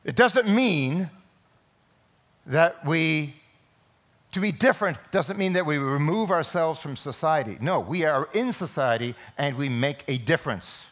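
A man preaching a Sunday sermon in a church, emphatic, with sudden loud peaks. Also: on the high side, lively intonation, a little slow. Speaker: pastor.

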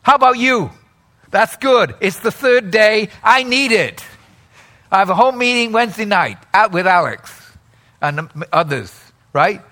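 A man's voice: sits high, animated, measured pace, sharp tone. A man preaching a sermon in a chatty way, asking the congregation questions and laughing often. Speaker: pastor.

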